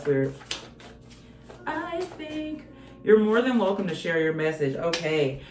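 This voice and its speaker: A woman does a casual tarot reading, talking bluntly and swearing freely. She sometimes breaks into snatches of song. Her voice carries an echoey room sound, with faint music underneath. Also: on the low side. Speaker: tarot card reader.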